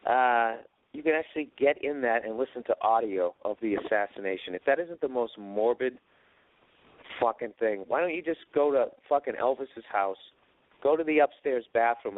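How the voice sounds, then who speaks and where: A man with a mid-range voice hosts a podcast, rambling casually through profane stories and acting out other people's voices and quotes. The recording is dry, with a tinny, phone-like sound.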